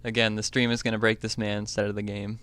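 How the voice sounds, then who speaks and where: A man's voice: on the low side, little pitch movement, quick pace, a bit bright, clear, resonant tone. A young man co-hosting a live stream, teasing his partner and reading out chat messages. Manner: teasing, reads chat aloud. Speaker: stream co-host. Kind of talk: casual live-stream banter.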